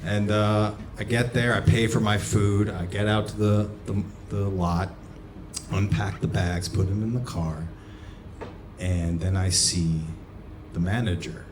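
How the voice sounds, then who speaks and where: A man performing a stand-up comedy set, telling a story and breaking into sudden shouts. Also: on the low side, steady tone, measured pace, background noise. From United States. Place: comedy club stage. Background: audience laughter.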